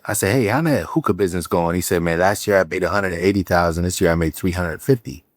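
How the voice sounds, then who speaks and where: A man, a real estate entrepreneur telling animated stories as a podcast guest, acting out the quotes with many fillers and restarts. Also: deep voice, no echo, studio quality. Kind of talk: casual storytelling interview.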